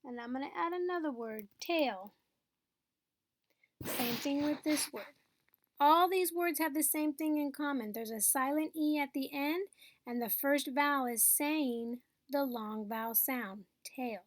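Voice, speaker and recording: Slow, patient, high-voiced woman teacher. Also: no echo. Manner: patient, explains step by step, checks in with "okay?". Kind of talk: phonics lesson.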